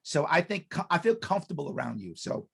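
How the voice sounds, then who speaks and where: Speaking fast in a gravelly, slightly rough voice on the high side, a business consultant on a podcast emphatically explains his method. He restarts often, repeats key points, and animatedly acts out quoted dialogue.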